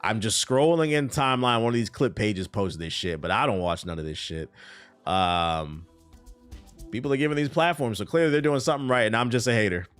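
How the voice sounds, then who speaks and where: A man streaming live, giving casual, profane, animated commentary on news, his voice a bit tired. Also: fairly low pitch, fairly quick, clean tone, faint music behind.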